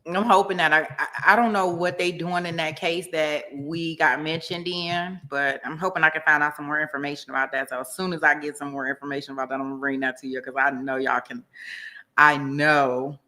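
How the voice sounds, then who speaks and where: A woman's voice: low voice, steady tone, normal speed, sharp tone. A woman hosting a casual livestream, reading out viewer comments, laughing often and chatting to her viewers in a slangy, easygoing way. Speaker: livestream host.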